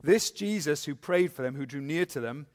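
A man preaching a sermon, earnestly asking the congregation questions and reading scripture slowly with emphasis. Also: a little high, expressive. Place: church. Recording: long hall reverb.

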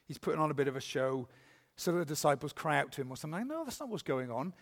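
A man preaching a sermon, earnestly asking the congregation questions and reading scripture slowly with emphasis. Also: on the high side, very animated, gravelly. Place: church. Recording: long hall reverb.

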